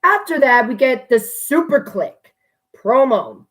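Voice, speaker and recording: Female show reviewer, casual and profane, unhurried delivery that erupts into hyped shouting. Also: high voice. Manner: excitable, profane, bursts into gushing shouts.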